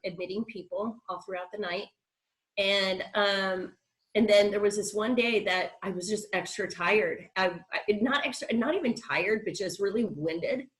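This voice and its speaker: A middle-aged woman appearing as a guest speaker on a video call tells a personal story in a chatty, rambling way, often restarting and laughing. Her voice is medium-pitched, and the audio quality is poor.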